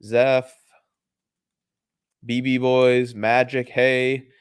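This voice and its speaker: A man's voice: mid-range voice, little pitch movement, very slow, clear, resonant tone, no room sound, clean studio sound. A man hosting a casual livestream about markets, upbeat and greeting viewers by name. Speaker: show host.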